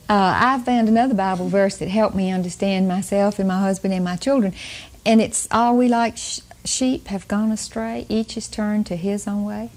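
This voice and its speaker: A woman's voice: medium pitch, moderate pace, darkish tone. An older woman giving a chatty Bible teaching on parenting, often laughing and putting questions to her listeners. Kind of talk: folksy Bible teaching talk.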